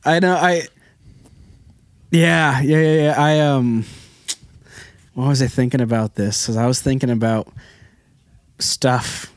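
Animated man telling stories. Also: takes it slowly, pauses often, no echo. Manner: animated storyteller, acts out quotes in high voices, swears. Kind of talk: casual podcast chat.

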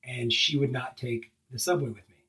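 A man telling a funny travel story in casual chat, animated and exasperated, acting out what people said. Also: medium pitch, moderate pace, far from the mic, a crowd in the background, poor audio. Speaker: co-host.

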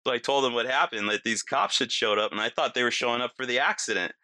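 A fast-talking man with a mid-range voice shares a lengthy personal story in relaxed conversation. He's animated, performs the quotes, and keeps adding "you know" and "right," all captured in a dry recording.

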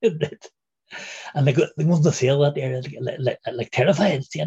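Husky, dark-voiced Derry man in his 60s. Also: fairly high pitch, normal speed, highs cut off. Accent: Derry, Northern Irish. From Northern Ireland. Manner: rambling, many fillers and "there". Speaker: guest. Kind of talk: casual reminiscing interview.

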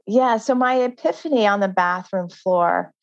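A woman's voice: mid-range voice, normal speed, creaky, dry recording, highs cut off. A woman author, a guest in an interview, telling her story earnestly with many "like" fillers. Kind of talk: interview conversation.

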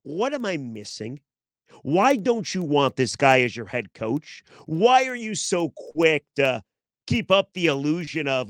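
A man's voice: a little high, big pitch swings, a little slow, no echo. A man hosting a sports podcast, giving opinionated, teasing talk full of rhetorical questions.

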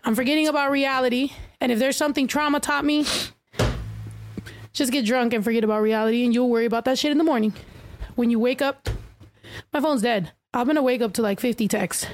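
A woman's voice: on the high side, fairly quick, a little hiss or hum. A middle-aged woman hosting a podcast in loose, profane casual chat, laughing often. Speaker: podcast host.

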